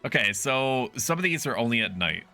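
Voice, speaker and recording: A man's voice: mid-range voice, lively intonation, a little fast, pushed and bright. Profane, rambling man streaming a game. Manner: rambling and profane, talks to chat. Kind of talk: casual gameplay commentary. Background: game music.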